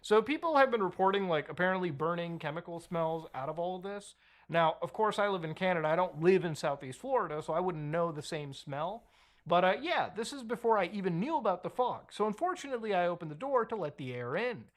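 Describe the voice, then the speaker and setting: A man narrates a commentary video in a conversational, skeptical tone. His pitch moves around a lot from phrase to phrase. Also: lively intonation, a little fast. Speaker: online commentator.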